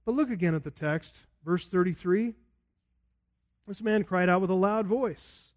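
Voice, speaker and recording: A man preaching an expository sermon as a pastor, emphatic and swinging between loud and hushed delivery. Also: high-pitched, measured pace.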